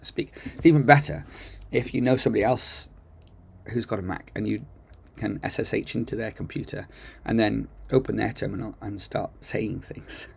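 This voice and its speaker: A man's voice: fairly low pitch, fairly even intonation, moderate pace, gravelly, slightly rough. A man casually walking through a screen-recorded coding tutorial, chatty and enthusiastic, thinking aloud with lots of ums. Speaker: coding teacher. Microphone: computer mic while screen recording.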